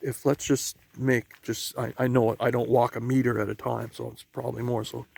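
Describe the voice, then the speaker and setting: A man from Canada talking as he walks outdoors along a marsh trail, musing in a halting way with many restarts. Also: medium pitch, gravelly, darkish tone. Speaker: vlogger. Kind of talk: rambling walk-and-talk vlog.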